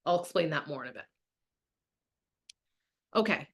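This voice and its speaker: A woman's voice: low-pitched, expressive, normal speed, slightly rough. A woman business coach teaching a live online masterclass, talking candidly and casually, swearing freely and reading out viewers' comments as she goes. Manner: casual, chatty, heavy with fillers like "like".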